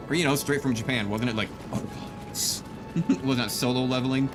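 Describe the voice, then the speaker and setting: A man's voice: mid-range voice, fairly even intonation, fairly quick. Joking male gamer over game music. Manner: joking, mock-grandiose, laughs often. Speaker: gaming YouTuber. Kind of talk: casual gameplay commentary.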